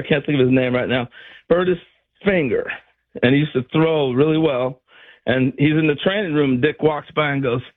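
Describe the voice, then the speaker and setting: Animated husky-voiced former ballplayer storyteller. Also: male voice, on the high side, phone-quality sound. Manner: animated storyteller acting out quotes. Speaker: former player turned radio analyst. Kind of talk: storytelling on a sports radio show.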